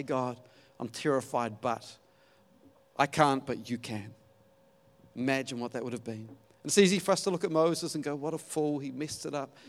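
A man preaching a sermon, telling the story in a lively way and acting out the quotes. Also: mid-range voice. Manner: animated storytelling with acted-out quotes and laughs.

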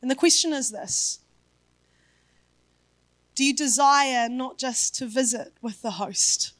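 High-voiced woman preaching a sermon. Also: slow, a bit bright, no room sound. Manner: emphatic preaching with building repetition. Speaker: pastor.

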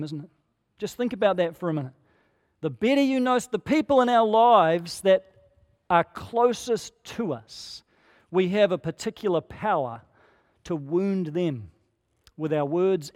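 This male preacher has a high-pitched but darkish voice, animated yet unhurried, echoing as if in a large hall. Speaking as pastor, he stays earnest and conversational while throwing rhetorical questions at the congregation.

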